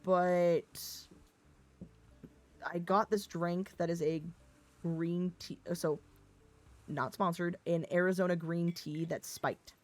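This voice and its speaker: A woman streamer from the American Midwest chatting casually, rambling and swearing, laughing often, with an expressive, slightly Valley Girl tinge. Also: fairly low pitch, takes it slowly, long pauses. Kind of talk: casual livestream chat.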